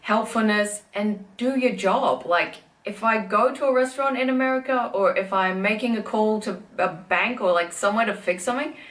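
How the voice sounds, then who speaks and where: A woman's voice: medium pitch, normal speed, hardly any pauses, fairly bright tone. A woman vlogger talking to camera in an upbeat, enthusiastic way. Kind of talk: vlog talk to camera.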